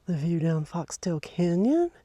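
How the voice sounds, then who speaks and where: A woman's voice: on the low side, big pitch swings, unhurried, warm tone. A middle-aged woman chats loosely as she hikes a mountain trail, trailing off and restarting her sentences. The sound is dry and close, with almost no reverb. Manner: chatty and rambling, with many fillers and restarts. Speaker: hiking vlogger. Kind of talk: casual narration while hiking.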